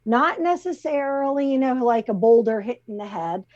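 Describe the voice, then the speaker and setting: A woman's voice: on the high side, animated, moderate pace. Chatty middle-aged woman, muffled call audio. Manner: chatty, laughs easily, explains gently. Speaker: co-host presenting the crystal of the week. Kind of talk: casual chat.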